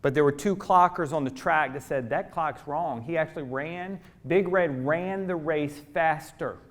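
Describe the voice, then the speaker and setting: A middle-aged man giving a motivational keynote, telling a story dramatically, swinging from hushed asides to loud preacher-like calls to the audience. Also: fairly high pitch, unhurried. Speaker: motivational speaker.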